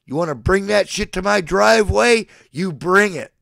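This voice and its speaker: A man's voice: high voice, lively intonation, moderate pace, vocal fry, fairly bright tone, no room sound, clean studio sound. A man in his forties ranting at a live chat like a mock sermon, swinging between profane, boastful threats and declarations of affection. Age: 40s. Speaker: livestreamer addressing his chat.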